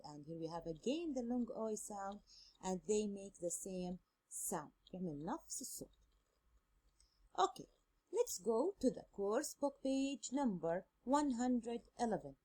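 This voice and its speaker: A woman teaches English sounds at a deliberate pace, repeating each word several times. Her voice is husky and mellow, with a lively rise and fall in pitch. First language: Arabic. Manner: slow, drilling words by repetition. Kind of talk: phonics lesson, bilingual explanation.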